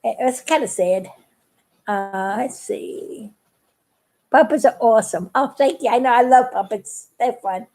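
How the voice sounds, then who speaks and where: High-voiced giggly woman telling a story. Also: measured pace, darkish tone. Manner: chatty, giggly, restarts often. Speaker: vlogger. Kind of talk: rambling personal story to viewers.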